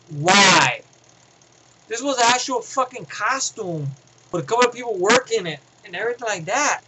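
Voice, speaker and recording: High, bright-voiced man ranting about a film. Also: a little hiss or hum, poor audio. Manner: excitable, profane, restarts often, filler "and everything like that". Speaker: film reviewer. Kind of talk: casual rambling film review.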